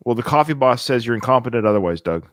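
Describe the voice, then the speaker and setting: Lively sarcastic man on a podcast. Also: medium pitch, fast, dry recording, studio quality. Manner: sarcastic, animated, laughs often. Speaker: podcast co-host. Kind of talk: casual podcast chat.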